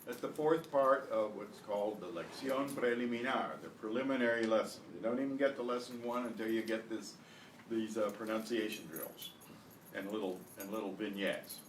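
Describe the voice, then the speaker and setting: A man teaching an online beginner language lesson, repeating words slowly with exaggerated pronunciation. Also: lowish voice. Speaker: Spanish teacher. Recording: echoey room, distant mic, faint hiss.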